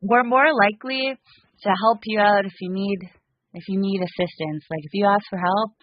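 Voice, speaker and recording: A woman's voice: mid-range voice, normal speed, no echo, highs cut off. A woman from Canada with a Canadian accent, a guest chatting casually and explaining things with many ums. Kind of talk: casual chat.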